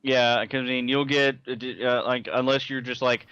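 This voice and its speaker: A man's voice: mid-range voice, little pitch movement, moderate pace, fairly bright tone, clean tone, dull audio. A young man co-hosting a casual gaming podcast, blunt and joking, swearing casually as he tells stories. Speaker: podcast co-host, dungeon master. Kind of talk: casual chat.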